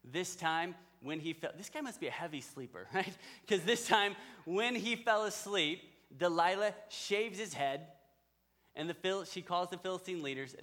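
A man with a somewhat high voice delivers a sermon. He tells the story in a relaxed, conversational way and speaks directly to the men listening. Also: unhurried. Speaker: pastor.

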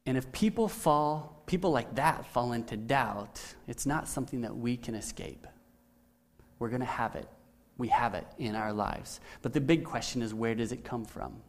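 A man's voice: medium pitch, normal speed. A male pastor preaching a sermon in a conversational way, often checking in with "right?".

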